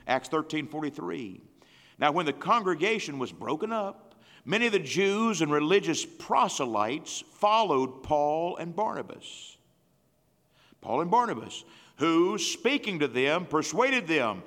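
An older man preaching a sermon in a church, with impassioned delivery and slow, drawn-out emphasis when reading scripture aloud. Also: on the high side, animated, a bit bright. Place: church sanctuary. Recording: long church hall reverb.

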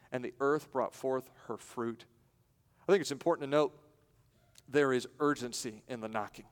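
A man preaching a sermon in a church, with dramatic pauses, and acting out the voices in the stories he tells. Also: fairly high pitch, in a large hall. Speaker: pastor. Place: church sanctuary.

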